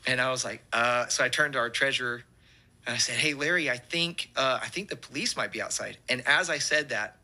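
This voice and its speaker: A man, a pastor telling an animated testimony story and acting out the quotes. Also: mid-range voice, a little fast.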